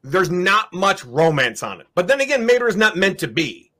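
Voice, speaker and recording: Lively, higher-pitched man, laughs a lot; casual guest voice actor. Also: normal speed. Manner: animated, laughs often, slips into voices. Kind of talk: casual chat.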